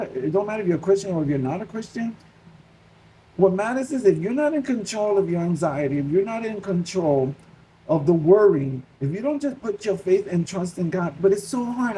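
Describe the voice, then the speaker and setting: A man with a New York accent, telling a personal faith story in a casual, animated way and acting out his own worried thoughts. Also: high voice, slight background noise, rough recording. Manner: animated, restarts often, acts out his own panicked thoughts. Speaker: Christian vlogger.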